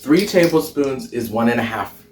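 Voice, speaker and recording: A man talks through his recipe in a sassy, chatty way, muttering to himself as he cooks. His voice sits at a middle pitch. It echoes around the room and comes from some distance from the mic, with faint background noise. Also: lively intonation, normal speed. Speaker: cooking show host. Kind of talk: casual cooking demonstration. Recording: roomy echo, far from the mic.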